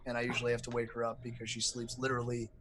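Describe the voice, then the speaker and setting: A man who is a streamer, guesting on a casual live podcast, joking and lively, who mocks baby talk in high silly voices. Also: rapid-fire, background noise.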